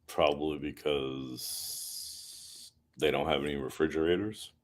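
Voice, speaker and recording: A man's voice: very deep voice, steady tone, slow. A man co-hosting a casual chat, laid-back and dry, blunt and swearing casually.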